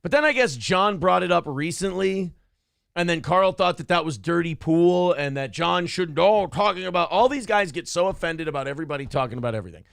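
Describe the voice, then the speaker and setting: A man's voice: high-pitched, lively intonation, brisk, creaky, a bit bright, smooth, dry recording, clean studio sound. A man co-hosting a talk show, giving blunt, profane commentary and ranting about the people in the clips. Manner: blunt, ranting, mocks others with put-on voices. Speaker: morning show co-host.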